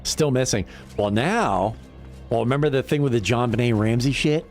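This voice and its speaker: A man talks off the cuff on a gaming livestream. His speech is peppered with swearing and quick laughs, and he rambles from one tangent to the next. His pitch swings up and down freely, and faint music sits quietly in the background. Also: expressive. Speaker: livestream gamer. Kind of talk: casual livestream chat.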